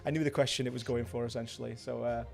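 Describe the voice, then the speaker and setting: A man's voice: mid-range voice, steady tone, fast talker, vocal fry, darkish tone, soft background music. A man co-hosting a casual comedy game show over a video call, joking with friends, laughing often and heaping on praise. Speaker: podcast co-host. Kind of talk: casual banter among friends.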